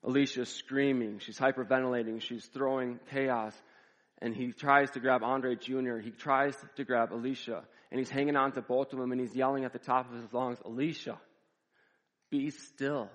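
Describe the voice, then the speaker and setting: A man's voice: medium pitch, flat delivery. Man preaching a dramatic story in reverberant hall. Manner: dramatic, measured storytelling with repetition. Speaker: pastor. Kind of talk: sermon storytelling.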